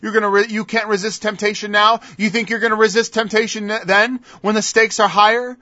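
Man, preacher, high voice, tense bright tone, emphatic sermon, mocking questions. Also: little pitch movement, fairly quick, no room sound. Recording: dull lo-fi dry recording.

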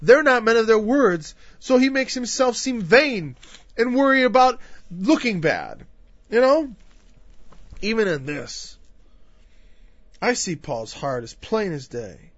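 A man's voice: high-pitched, very animated, slow pace, pauses often, no room sound, highs cut off. A man preaching a sermon emphatically, teaching through a scripture passage and sometimes raising his voice. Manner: emphatic, raises voice at times.

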